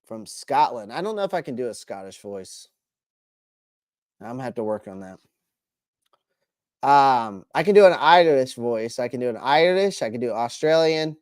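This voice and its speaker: A man's voice: mid-range voice, lively intonation, normal speed, long pauses, clean tone, dry recording, clean studio sound. A man hosting a casual live stream, answering chat by name with strong opinions and frequent restarts.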